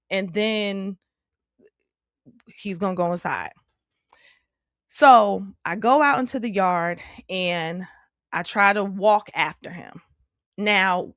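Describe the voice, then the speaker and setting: A middle-aged woman hosting her own show, telling a funny story about herself in a casual, animated way and calling her listeners y'all. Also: medium pitch, dry recording, studio quality. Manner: animated, self-mocking, addresses listeners as y'all. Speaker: show host.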